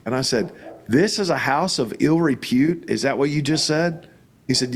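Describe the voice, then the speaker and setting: A man's voice: mid-range voice, moderate pace. A middle-aged man, a pastor, telling stories in an interview and acting out the voices in them. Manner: animated, acts out quoted voices. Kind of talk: storytelling in an interview.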